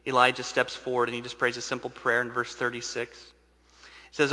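Bright-voiced preacher in a reverberant hall. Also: male voice, mid-range voice, monotone, moderate pace. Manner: dynamic preaching, shifting from loud to hushed. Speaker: pastor. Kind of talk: sermon. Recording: large hall with long reverb.

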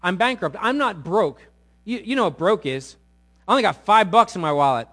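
A middle-aged man delivers a sermon, his voice sitting high for a man. He tells his story in an animated way, jumping from loud bursts to quiet, close passages. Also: normal speed, faint music behind. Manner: animated storytelling, swinging from loud peaks to quiet intimate lows. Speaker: pastor.

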